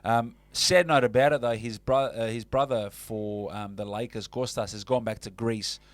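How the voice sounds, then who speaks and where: A man's voice: medium pitch, fairly even intonation, normal speed, no room sound. A man co-hosting a casual sports radio show, chatty and matey. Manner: chatty, calls co-host mate.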